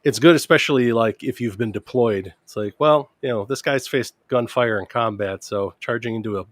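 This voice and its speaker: A man's voice: medium pitch, moderate pace, no echo. A man co-hosting a casual chat, adding easy reflective comments. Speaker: podcast co-host.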